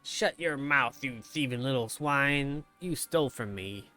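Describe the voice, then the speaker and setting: A man's voice: mid-range voice, expressive, a little slow, bright, forceful tone, faint music behind. A man reading a sneering bully of a merchant. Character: bullying greedy male merchant, contemptuous.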